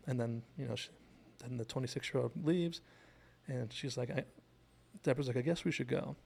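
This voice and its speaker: A man hosts a casual scene-by-scene breakdown of a TV episode, recapping the plot and drifting into asides. His middle-range voice has a steady gravelly fry. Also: mid-range voice, brisk, long pauses. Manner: chatty and digressive, retells scenes. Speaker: TV show analysis host.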